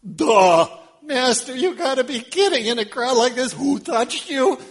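A man's voice: very high voice, animated, measured pace, voice pushed up, heavily acted. A man voicing a group of incredulous male disciples who scoff at their master in disbelief. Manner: mocking, exasperated.

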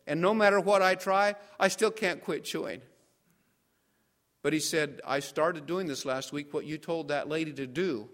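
A man's voice: a little high, fairly bright tone. A man in his seventies preaching a storytelling sermon as pastor, folksy and often putting questions to the congregation.

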